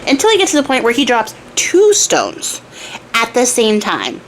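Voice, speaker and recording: A woman's voice: fairly high pitch, wildly swooping pitch, normal speed, a little hiss or hum. A young woman retelling a fairy tale in a chatty, irreverent way with casual swearing. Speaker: storyteller and crafter. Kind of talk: casual storytelling.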